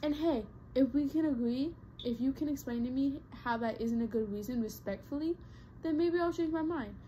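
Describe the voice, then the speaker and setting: A woman's voice: high-pitched, normal speed, warm tone, slight background noise, poor audio. A young adult woman vlogging casual advice straight to her viewers, earnest and emphatic, often repeating herself for weight. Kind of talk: casual advice talk to camera.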